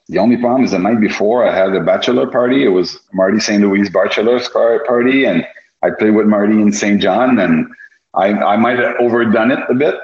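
A man with a very low voice recounts his hockey days in a relaxed, meandering way, often restarting his sentences. The recording is echoey and slightly dull. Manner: casual, rambling with many restarts. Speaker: former pro hockey goalie. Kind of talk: interview recollection. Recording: echoey room, dull lo-fi sound.

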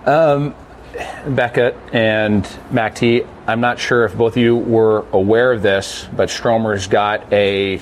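A man hosting a podcast, breezy and upbeat, steering a casual chat with quick questions. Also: lowish voice, steady tone, a little hiss or hum. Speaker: podcast host.

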